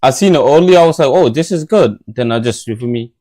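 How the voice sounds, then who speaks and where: A young man livestreams late at night from his bedroom, speaking fast in a warm, expressive, medium-pitched voice. Still, he sounds tired, drowsy, and half-asleep, mumbling and rambling in slang as he chats casually and talks to himself.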